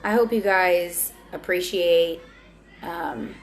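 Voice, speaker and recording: This young woman has a lowish voice and speaks slowly in a candid personal vlog. Earnest and confessional, she keeps restarting her sentences.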